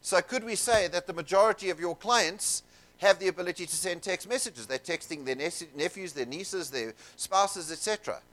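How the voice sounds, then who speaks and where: A man telling stories to a seminar audience, animated and jokey, with asides to the crowd in a conference room. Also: high voice, moderate pace. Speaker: seminar speaker. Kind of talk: keynote storytelling to an audience.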